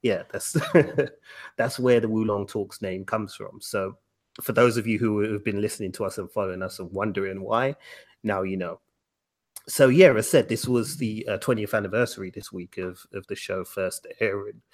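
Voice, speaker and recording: A relaxed man hosts a casual podcast chat and speaks with a fairly low voice. He leads the talk with easy, chatty questions. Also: normal speed. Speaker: podcast host.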